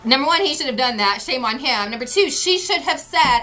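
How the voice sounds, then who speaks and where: Bright high-voiced woman venting. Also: expressive, brisk, soft background music. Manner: frustrated, retelling with quoted voices. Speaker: vlogger. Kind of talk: casual spoken recap.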